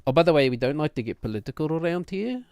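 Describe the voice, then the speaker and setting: A man's voice: a little high, very animated, fast, a little mellow, smooth, no room sound, clean studio sound. A man streaming a game, chatting in a rambling, self-deprecating way. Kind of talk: casual chat while gaming.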